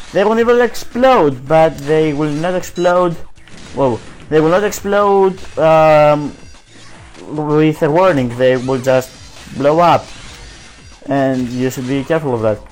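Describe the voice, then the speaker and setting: A man's voice: a little high, poor audio. A man reading on-screen game text aloud while casually commenting on his play, often hesitating and restarting.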